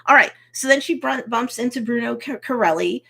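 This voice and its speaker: A woman hosting a casual live review of a TV episode, recapping scenes in a lively way, acting out the characters' reactions, and slipping into motherly advice. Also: a little high, fairly quick, gravelly, husky. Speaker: host and TV reviewer.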